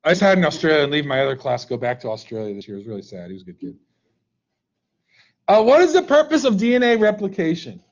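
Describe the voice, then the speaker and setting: High-voiced joking male teacher. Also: huge pitch swings, quick pace, lo-fi sound. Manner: joking, playful, coaxing students. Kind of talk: live online class teaching. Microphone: computer mic on a video call.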